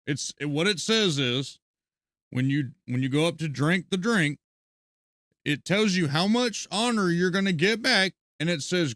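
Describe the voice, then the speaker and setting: A man's voice: on the high side, lively intonation, unhurried, a bit bright, no echo, clean studio sound. A man streaming a video game, ranting with heavy profanity and bursts of laughter as he comments live.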